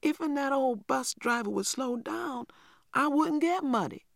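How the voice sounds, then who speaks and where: A man voicing a small, proud, indignant boy, his high voice drawn out into a wail. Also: lively intonation, unhurried, creaky, a bit bright, dry recording, studio quality, full character voice. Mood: protesting.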